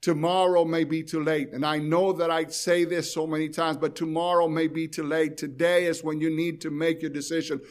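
A man preaching a sermon, speaking with pleading intensity and addressing his listeners directly, repeating phrases for emphasis. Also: on the high side. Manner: pleading, rising and falling in intensity.

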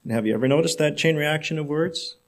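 A male preacher delivering a sermon, telling a story in measured, emphatic phrases. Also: fairly high pitch.

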